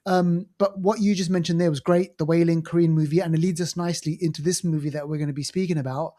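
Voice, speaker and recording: A man's voice: fairly high pitch, fairly even intonation, fast, warm tone. Man, podcast co-host, casual movie chat, enthusiastic, rambling, many fillers.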